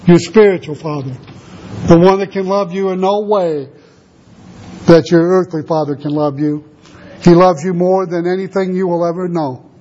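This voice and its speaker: A sixty-year-old male pastor delivers a sermon with earnest conviction. His voice sits fairly high, and he slows right down to lean on important words. The recording is slightly muffled, with faint noise underneath. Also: darkish tone. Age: 60s.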